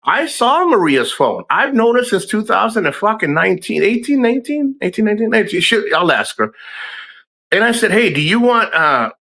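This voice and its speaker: A man's voice: high-pitched, very animated, normal speed, pushed and bright. A man hosting a livestream, ranting in a rambling, profane way with lots of restarts. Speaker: livestream host. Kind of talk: casual livestream rant.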